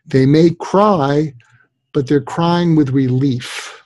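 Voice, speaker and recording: In a dry recording, an older psychiatrist speaks slowly at a fairly high pitch while guesting on a podcast interview. He tells stories with animation and mimics the voices of the people he quotes.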